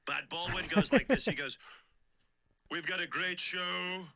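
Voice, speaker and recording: A man doing an impression of a boastful older president, mocking other impressions in a brash, drawn-out way. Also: high voice, gravelly, pushed and bright, no room sound, studio quality, exaggerated voice. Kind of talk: comedy impression clip.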